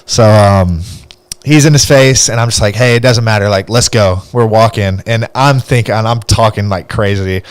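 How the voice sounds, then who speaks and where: Low-voiced young man telling stories. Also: normal speed, clear, resonant tone, dry recording. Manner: laughs often while telling stories. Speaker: podcast host. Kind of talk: casual storytelling.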